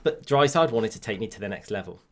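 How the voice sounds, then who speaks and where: A man's voice: on the low side, expressive, fast talker. A man with an English accent co-hosting a gaming podcast, teasing his partner and telling stories with mock drama. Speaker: podcast co-host and streamer. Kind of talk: casual chat.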